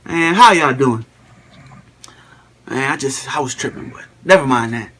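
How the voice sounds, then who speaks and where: A young man plays a cocky middle-aged dad who is a shoulder doctor, in a comedic skit. He lectures through the medical material at a medium pitch and drops into slangy, casual asides. His confident delivery keeps a homemade, playful edge. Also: expressive, measured pace, bright, forceful tone. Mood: boastful. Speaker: student performer in a school skit.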